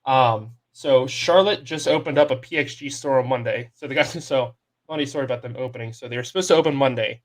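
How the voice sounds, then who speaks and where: A man's voice: medium pitch, quick pace. A young man co-hosting a sports podcast, telling a long story in a loose, casual way and quoting the people in it. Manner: animated storyteller, quotes people in his story. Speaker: podcast co-host.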